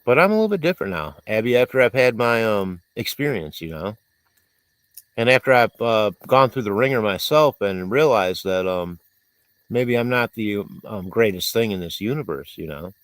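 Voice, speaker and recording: A man's voice: on the low side, expressive, normal speed, a bit bright, no room sound. A man hosting a livestream, rambling in casual chat and reading viewers' comments aloud, congested and coughing. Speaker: livestream host.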